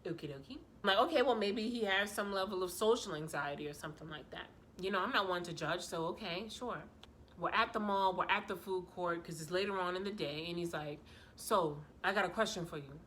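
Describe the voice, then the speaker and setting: Female vlogger, sassy storyteller, lowish pitch, punchy tone. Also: brisk, a little hiss or hum. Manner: animated, slangy, sassy storytelling. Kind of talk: casual storytime chat.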